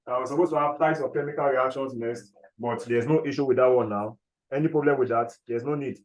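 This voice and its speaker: Male teacher, dictates notes slowly, checks in with class, echoey classroom. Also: medium pitch. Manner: repeats key phrases slowly, checks understanding often. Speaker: chemistry teacher.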